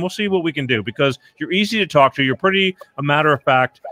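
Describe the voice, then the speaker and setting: A man's voice: a little high, animated, fast talker, hardly any pauses, sharp tone, no room sound. A man hosting a podcast in casual interview chat, rambling and frank, with lots of restarts and the odd swear. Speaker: podcast host.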